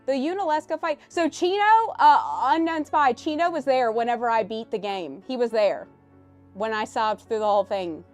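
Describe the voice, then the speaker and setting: A woman game streamer chatting casually on a live stream and telling stories animatedly, her voice swinging between loud and soft. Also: fairly high pitch, normal speed, faint music behind.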